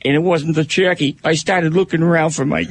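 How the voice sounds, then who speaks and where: A man's voice: fairly high pitch, steady tone, fairly quick, dry recording, pitched above the performer's own voice. A man doing a rambling hard-drinking meeting regular. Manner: plain rambling storytelling.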